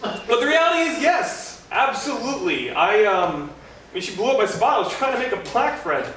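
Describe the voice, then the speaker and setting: A young man doing a stand-up comedy set, rambling and self-deprecating, halting with many fillers. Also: very high-pitched, big pitch swings, fairly bright tone. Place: comedy club stage. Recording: echoey club recorded from far off with noise.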